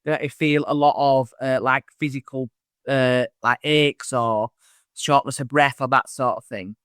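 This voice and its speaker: Chatty bright-voiced man. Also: mid-range voice, moderate pace, dry recording, clean studio sound. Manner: chatty, animated, acts out voices in anecdotes. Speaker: medium, podcast host as guest. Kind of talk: casual interview storytelling.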